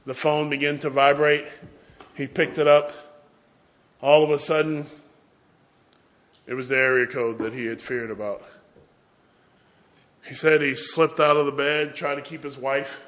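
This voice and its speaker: Man preaching with hushed-to-loud swings. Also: on the high side. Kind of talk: sermon.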